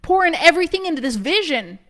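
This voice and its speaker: A woman in her thirties telling a personal story in a lively, casual way, full of "like" and short laughs, acting out what people said. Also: very high voice. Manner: animated, filler-heavy with frequent "like", quick laughs. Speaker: preschool business coach.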